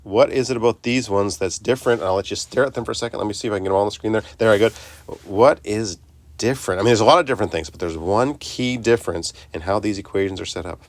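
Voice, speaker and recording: A man with a somewhat low voice teaches a recorded math lesson into a close mic. He chats along and interrupts himself as he walks students through each step. The sound is dry and close. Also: fast talker, no room sound. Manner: chatty, self-interrupting, talks students through steps.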